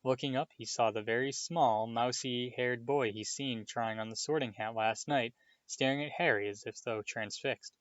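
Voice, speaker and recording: A man reading a novel aloud in a steady storytelling manner, with small slips. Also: mid-range voice, moderate pace, no room sound. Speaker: audiobook reader. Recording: dull, dry lo-fi home recording.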